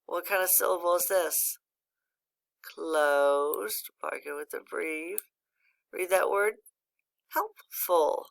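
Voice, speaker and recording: A woman's voice: lowish voice, takes it slowly, creaky, long pauses. A patient woman teaching a phonics lesson to a young child, praising often and guiding each word step by step. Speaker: reading teacher.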